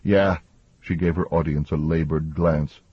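A man reads an audiobook in an even, measured way. His voice is very low and deeply husky, almost breathy. The recording is close and dry, with a slightly dull top end. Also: no room sound. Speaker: audiobook narrator. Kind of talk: scripted narration.

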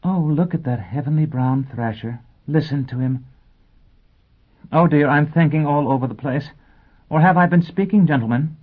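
A man's voice: moderate pace, natural voice. A man voicing a prim, scatterbrained female teacher in an audiobook, genteel and flustered. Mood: fussy, genteel. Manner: genteel, flustered, high lilting delivery. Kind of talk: audiobook character voice. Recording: tinny phone-like sound.

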